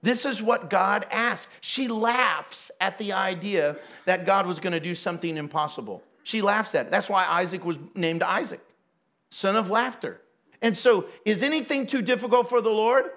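High-voiced man preaching playfully. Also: moderate pace, a bit bright. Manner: playful, laughs often, acts out quoted voices. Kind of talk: casual sermon.

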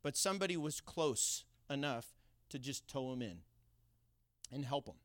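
A middle-aged man preaching a sermon, telling a personal story in an animated way with laughing asides. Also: mid-range voice, moderate pace, no room sound, clean studio sound. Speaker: pastor.

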